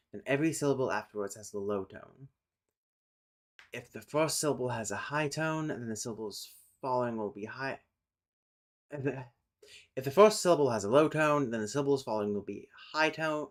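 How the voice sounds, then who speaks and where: On a casual livestream, a man with a medium-pitched, lively voice chats and thinks aloud while explaining language topics. He pauses and restarts, and now and then suddenly calls out loudly to his cat.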